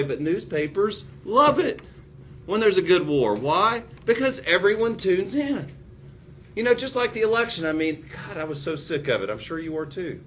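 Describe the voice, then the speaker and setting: A man teaching a recorded history lesson, animated and prone to sarcastic asides. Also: a little high, slight background noise.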